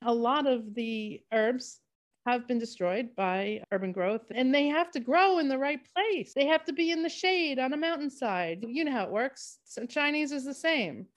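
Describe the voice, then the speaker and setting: A woman's voice: high-pitched, animated, normal speed. Chatty storytelling woman podcast host. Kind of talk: casual chat.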